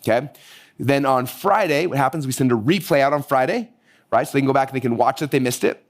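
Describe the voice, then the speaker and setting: Hyped-up, hoarse man teaching fast. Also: mid-range voice. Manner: energetic, hyped-up, rapid-fire. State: hoarse from losing his voice. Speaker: marketing course instructor. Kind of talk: live online workshop teaching.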